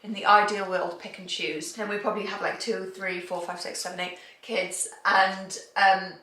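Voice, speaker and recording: A woman's voice: mid-range voice, flat delivery, moderate pace, pushed and bright. A pregnant woman in her twenties chatting on a sofa while eating, bubbly and chatty. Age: 20s. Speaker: vlogger. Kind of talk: casual chat. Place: living room sofa. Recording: roomy echo, faint noise.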